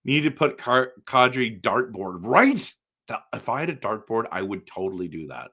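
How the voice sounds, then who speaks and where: A man hosting a casual live stream for viewers, excitable and exasperated, breaking into loud outbursts. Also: medium pitch, moderate pace, husky. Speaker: livestream host.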